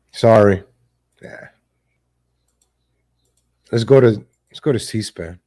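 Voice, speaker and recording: A man's voice: on the low side, takes it slowly, pauses often, mellow. A man hosting a live stream, giving blunt, casual political commentary with cursing and frequent laughs. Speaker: livestream host.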